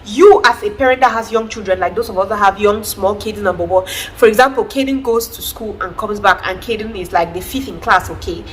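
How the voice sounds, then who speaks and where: A woman, chatting in an emphatic, animated way as a vlogger giving advice. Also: mid-range voice, a little fast, few pauses, slight background noise, rough recording. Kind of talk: casual advice vlog.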